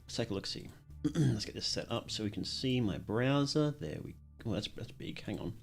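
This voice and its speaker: A man's voice: mid-range voice, sing-song, normal speed, creaky, faint music behind. A man, chatting casually on a livestream, rambling with many fillers and restarts.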